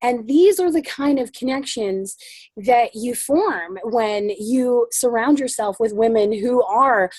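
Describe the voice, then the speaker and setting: A woman's voice: a little high, slow, darkish tone, dry recording. A woman facilitating a women's group discussion, affirming and encouraging the others. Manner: encouraging, affirming, many fillers.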